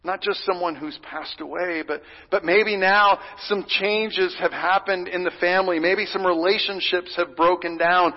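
A male pastor preaches in a high, earnest voice, rising into loud pleading and dropping to hushed whispers. The sound is dull and lo-fi, with a long reverb from a large sanctuary. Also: steady tone, moderate pace, hardly any pauses. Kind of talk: sermon.

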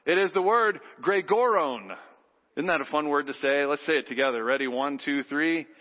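A man preaching a sermon, animated, leading the congregation in call-and-response. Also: a little high, moderate pace. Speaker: pastor. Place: church sanctuary. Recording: dull sound with long hall reverb.

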